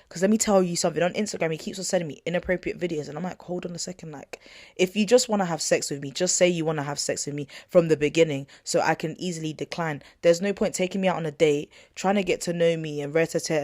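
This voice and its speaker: A woman's voice: on the low side, fairly even intonation, fast, darkish tone, no echo, clean studio sound. Chatty young woman telling a story. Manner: chatty and slangy, full of 'not gonna lie' fillers; indignant, retelling an argument. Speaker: podcast host. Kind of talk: casual storytelling to listeners.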